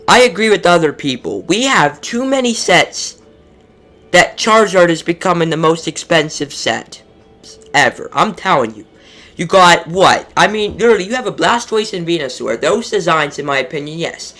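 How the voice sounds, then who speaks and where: Male vlogger, fairly high, bright edgy voice, exasperated ranting delivery. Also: lively intonation, moderate pace, faint music behind. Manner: frustrated, exasperated, profane. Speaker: collectibles YouTuber. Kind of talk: casual ranting commentary.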